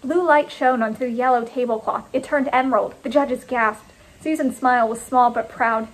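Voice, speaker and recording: Woman author narrating her own first-person story, clipped and deliberate, higher voice. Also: steady tone, poor audio.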